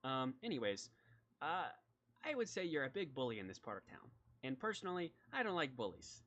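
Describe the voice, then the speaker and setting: A man's voice: medium pitch, big pitch swings, a little fast, fairly bright tone, lo-fi sound. A man voicing a jovial but ruthless small-town sheriff who talks in a folksy drawl and calls everyone pal, in a tabletop game. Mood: stern.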